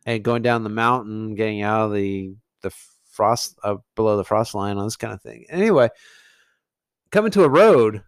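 Measured man recapping a film plot. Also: lowish voice, clean tone, no echo, studio quality. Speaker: podcast co-host. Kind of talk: casual film chat.

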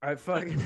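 A man's voice: on the high side, slightly rough. Rambling, foul-mouthed young man riffing. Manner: rambling, crude, swears a lot, laughs at own jokes. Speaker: podcast co-host. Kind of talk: casual comedic podcast chat.

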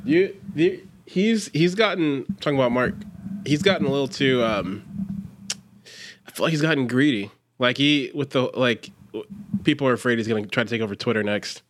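A man's voice: mid-range voice, normal speed. A young man co-hosting a podcast, rambling casually and leaning heavily on "like". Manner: rambling, heavy use of "like", frequent restarts. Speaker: podcast co-host. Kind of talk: casual chat.

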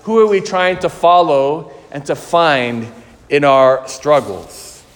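A man's voice: a little high, expressive. Male preacher, earnest sermon delivery, long church-hall reverb. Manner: slow, earnest, questioning delivery.

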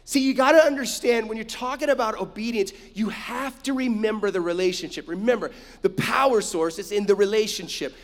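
Male pastor, sermon, high voice, emphatic delivery, long hall reverb. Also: fairly quick, hardly any pauses. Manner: emphatic preaching with rhetorical asides to the congregation.

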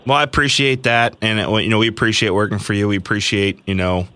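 A man's voice: lowish voice, fairly even intonation, fast, bright, forceful tone, clear, resonant tone. A man hosting a podcast, talking in a friendly, rambling way with many fillers. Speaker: podcast host. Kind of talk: casual podcast chat.

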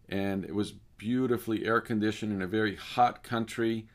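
Measured low-voiced man telling a story. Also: a bit bright. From Cyprus. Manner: measured, deliberate, lingering over details. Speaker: speaker and author. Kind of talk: personal storytelling talk.

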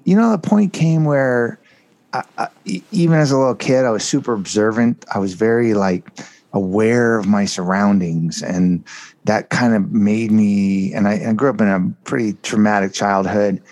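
A man with a fairly low voice talks openly about his own life as an interview guest. He tells it earnestly and with animation, with frequent casual asides to the listener. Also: normal speed, a little mellow. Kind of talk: candid personal storytelling.

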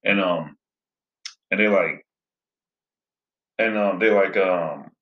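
Deep-voiced man rambling through a movie recap. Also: takes it slowly. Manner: rambling, heavy with fillers. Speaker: movie reviewer. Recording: roomy, slightly dull sound.

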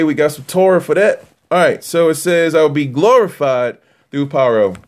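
A man giving a casual, animated Torah teaching that swings from near-yelling to quiet asides. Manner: animated, rising to near-yelling then dropping low.

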